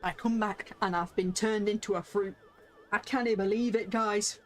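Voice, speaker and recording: A woman's voice: mid-range voice, fairly even intonation, normal speed. A woman streaming a game, chatting playfully with viewers and reading character lines aloud with lots of laughter.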